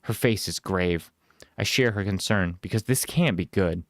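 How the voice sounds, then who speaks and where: A man reading a storybook aloud in a plain, unhurried way with small casual asides. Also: deep voice, dry recording, clean studio sound.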